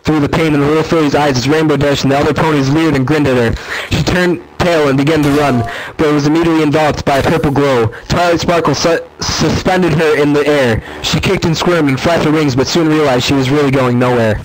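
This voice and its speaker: A man's voice: on the high side, steady tone, fairly quick, hardly any pauses, a little hiss or hum, rough recording. A man reading a fan story aloud, stumbling and correcting himself as he goes. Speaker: reader.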